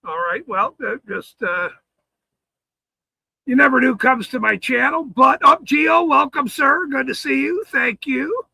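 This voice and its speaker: Male stream host, high gravelly voice, slow talker, close and dry. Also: bright, forceful tone, no room sound, rough recording. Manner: laughing often, swearing, greeting chat viewers. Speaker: livestream host. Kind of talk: casual livestream chat.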